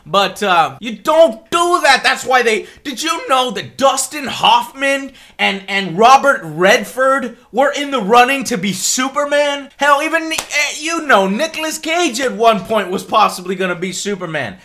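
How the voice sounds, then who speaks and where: Male vlogger, fed-up ranter, high register, crisp bright tone, lots of profanity. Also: lively intonation, a little slow, hardly any pauses. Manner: exasperated, heavy swearing, repeats himself. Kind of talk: angry rant to camera.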